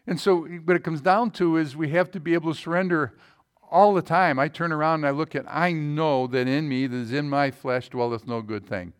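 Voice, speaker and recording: A man's voice: fairly high pitch, fairly even intonation, a little fast, clean tone. A man in his sixties preaching a sermon as a pastor, telling a personal story and often checking in with his listeners.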